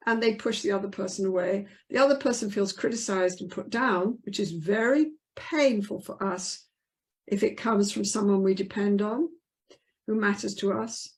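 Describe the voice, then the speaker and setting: A woman's voice: medium pitch, normal speed. An older woman, a couples therapist, answering interview questions in an earnest, emphatic way and acting out the voices she quotes.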